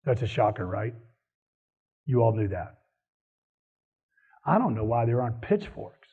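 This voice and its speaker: A man giving a lively, opinionated talk to a room, breaking into laughs between his points. His voice is husky and sits in a middling pitch. The sound is thin and tinny, like it came through a phone line. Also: slow pace, long pauses. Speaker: speaker on economic policy. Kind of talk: live talk to an audience.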